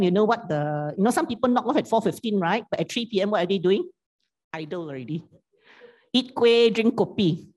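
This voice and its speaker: A woman's voice: lowish voice, darkish tone. A woman preacher, telling a parable in a sermon and teasing the congregation with questions.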